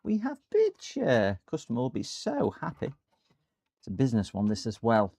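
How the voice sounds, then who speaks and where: A man's voice: lowish voice, expressive, brisk, gravelly, warm tone, slight background noise. A man chatting through a live computer repair stream from his workshop. He rambles and talks to his viewers as he works. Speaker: repair channel host.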